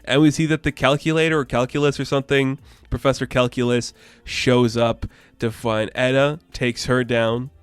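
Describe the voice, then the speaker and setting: A man's voice: mid-range voice, flat delivery, normal speed, smooth, no echo. A young man giving a casual, enthusiastic and rambling video review as the channel host. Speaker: comic book reviewer.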